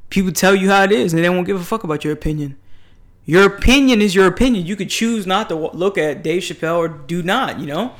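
A man's voice: high voice, quick pace, fairly bright tone. A man co-hosting a podcast, blunt and opinionated in casual chat. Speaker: podcast co-host.

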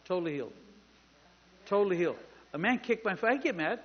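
A man with a notably high voice delivers a lively storytelling sermon as pastor, acting out both sides of conversations and teasing people in the pews. The sound is dull and lo-fi, like a modest church recording. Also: fast talker. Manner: animated, acts out dialogue, jokes with the congregation. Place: church service with live congregation.

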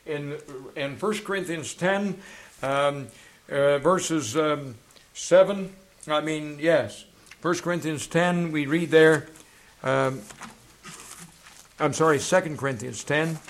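High-voiced fervent preacher, a man. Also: slow pace, pauses often. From England. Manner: fervent preaching, swings from loud to hushed; reads passages aloud from books. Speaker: pastor. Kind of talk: sermon.

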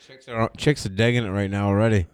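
A man's voice: fairly low pitch, quick pace, clear, resonant tone. A man in casual banter, rowdy and profane, with a playful way of talking.

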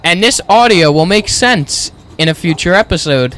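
A man's voice: high voice, expressive, moderate pace, fairly bright tone. A man co-hosting a casual podcast chat among friends, joking and sarcastic, sometimes explaining things to listeners. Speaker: podcast co-host.

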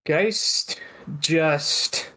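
A man playing a tabletop role-playing game, explaining his character in a thoughtful, measured way. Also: on the high side, sharp tone. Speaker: player.

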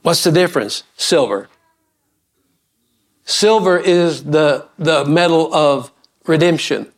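A middle-aged pastor preaches a sermon slowly, building emphasis, asking the congregation questions, and dropping folksy asides and repeated words. His voice is fairly high-pitched with lively intonation.

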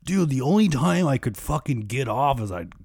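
A whiny, drawn-out reality-TV bartender, as a man mimics him in a mocking voice pitched a little above his own. The sound is dry and close, with no room around it. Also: very animated, darkish tone, breathy edge, no room sound.

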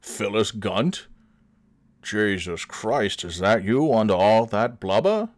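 A man voicing a blunt, crude older small-town man who speaks slowly and incredulously. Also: fairly low pitch, expressive.

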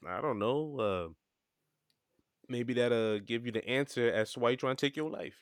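A man's voice: medium pitch, moderate pace, lightly acted. An actor playing a sleepy, doubtful young man who teases his friend in slang, in an audio drama. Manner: drowsy, doubtful, teasing in slang. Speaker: Ronnie, the roommate.

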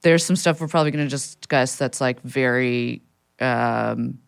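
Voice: medium pitch, a little slow, vocal fry, smooth, dry recording. Blunt podcast co-host, dry close sound. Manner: blunt, frank and profane. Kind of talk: casual podcast chat.

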